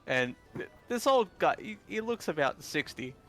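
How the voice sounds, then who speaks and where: A man narrating a tabletop game as dungeon master, casual and halting, restarting his sentences often. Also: on the high side, sing-song, a bit bright, soft background music.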